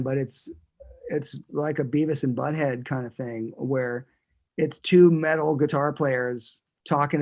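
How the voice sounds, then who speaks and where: A man's voice: mid-range voice, a little mellow. A man who is a guest musician, chatting casually in an interview and talking in a rambling way, with many restarts.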